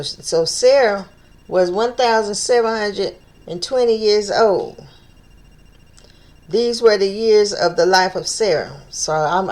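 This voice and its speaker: A woman's voice: medium pitch, a little mellow. Woman reading scripture and thinking aloud. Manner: thinks aloud, stumbles over names, repeats phrases while working things out. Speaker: Bible study teacher. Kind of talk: informal Bible study, reading scripture aloud and explaining.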